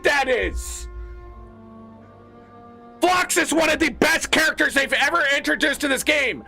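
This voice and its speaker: High, bright-voiced man ranting. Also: expressive, a little slow, creaky, pauses often, soft background music. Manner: profane, exasperated ranting. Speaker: gaming content creator. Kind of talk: casual gaming rant.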